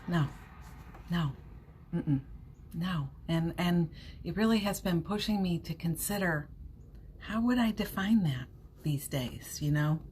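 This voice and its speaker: A woman's voice: on the low side, slight background noise. A woman hosting a casual live stream, chatty, laughing often and reassuring her viewers, with a runny nose. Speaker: livestream host.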